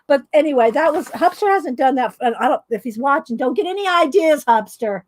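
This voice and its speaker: A woman's voice: sits high, lively intonation, fairly quick, dry recording. A middle-aged woman, telling rambling stories and laughing often while she colors on camera. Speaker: coloring video host. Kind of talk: casual storytelling while coloring.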